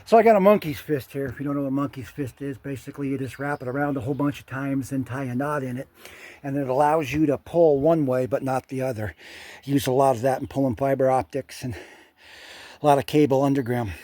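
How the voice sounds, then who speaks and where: A man's voice: medium pitch, a little fast, warm tone, no room sound. An older man narrating his own hands-on work in a casual, plainspoken way, breathing hard as he talks. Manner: plainspoken, thinking aloud while working. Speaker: handyman vlogger. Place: outdoors at a well.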